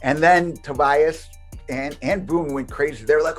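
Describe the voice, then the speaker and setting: Animated storytelling man, fairly high voice. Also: moderate pace, faint music behind. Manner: animated, acts out others' quotes. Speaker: interview guest, martial artist. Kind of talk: casual anecdote telling.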